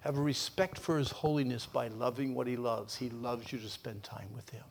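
Hombre mayor de voz áspera predicando un sermón. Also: male voice, medium pitch, normal speed, creaky, few pauses. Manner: animated storytelling, voice surging and dropping to near whispers. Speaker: preacher. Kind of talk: sermon with personal testimony.

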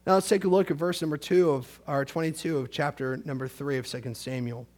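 A man with a high-pitched voice preaches a sermon, moving between solemn scripture reading and casual retelling. He swings from quiet, low passages to loud, emphatic peaks, filling his retelling with everyday fillers. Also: steady tone, fairly quick. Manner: conversational paraphrase of scripture with fillers.

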